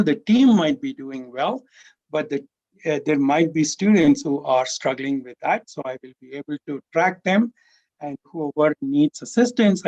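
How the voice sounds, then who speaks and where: A man's voice: a little high, a little mellow. Brief: male lecturer, conversational conference talk, many "you know" fillers, dull lo-fi recording. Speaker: university lecturer presenting on his teaching. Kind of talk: conference presentation.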